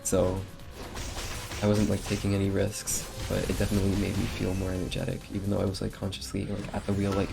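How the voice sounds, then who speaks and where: A man's voice: deep voice, monotone, fast, gravelly. A man chatting casually and rambling as he streams a game, with many fillers. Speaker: livestreamer. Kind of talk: casual chat while playing a game. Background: faint game music.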